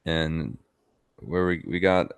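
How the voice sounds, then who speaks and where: A man's voice: very deep voice, animated, slow, creaky, smooth, no echo. A man co-hosting a podcast in casual chat, rambling with lots of "like" and some swearing. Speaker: podcast co-host.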